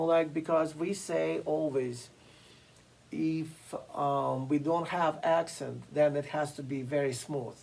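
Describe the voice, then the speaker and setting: Slow gravelly piano teacher. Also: mid-range voice, a little mellow, poor audio. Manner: slow, deliberate explaining with frequent fillers. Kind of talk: masterclass lecture. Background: occasional piano playing.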